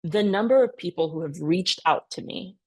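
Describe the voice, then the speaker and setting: A woman in her thirties, a podcast guest telling her story with earnest, animated energy. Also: on the low side, normal speed, husky. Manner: earnest, animated retelling with many "you know" and "right?". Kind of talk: conversational interview storytelling.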